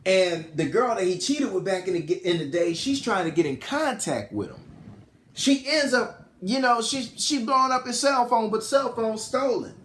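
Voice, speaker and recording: A man casually recapping a film plot in animated storytelling style, full of slang. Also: high-pitched, normal speed. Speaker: film reviewer. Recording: roomy echo.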